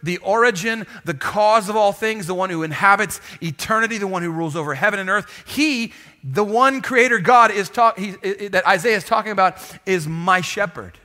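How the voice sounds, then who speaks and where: A man preaching a sermon in an animated, lively way, often calling out to the congregation for a response. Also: high-pitched, a little fast. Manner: animated, calls for audience response. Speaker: pastor.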